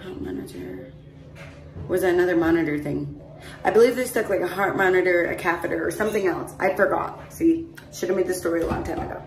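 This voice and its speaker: A woman's voice: on the low side, fairly quick, vocal fry. A young woman telling a long personal story to her phone camera in a chatty, rambling way, full of "like" and "mind you". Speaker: vlogger. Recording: roomy echo, phone held at a distance.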